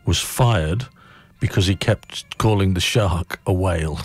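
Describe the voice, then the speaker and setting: A man's voice: sits low, slow. A man hosting a breakfast radio show, reading out trivia in a casual, chuckling, rambling way. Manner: chuckling, rambling, self-amused.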